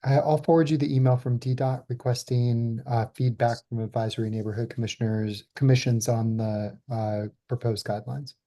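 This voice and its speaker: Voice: mid-range voice, fairly even intonation, moderate pace, few pauses, warm tone. A commission member making brief, polite remarks at a meeting.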